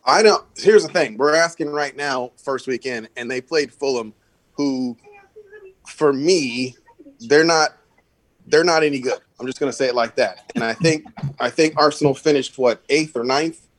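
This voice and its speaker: A man's voice: mid-range voice, normal speed. A man co-hosting a casual sports podcast, opinionated, leaning on "I think" and lots of fillers. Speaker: podcast co-host.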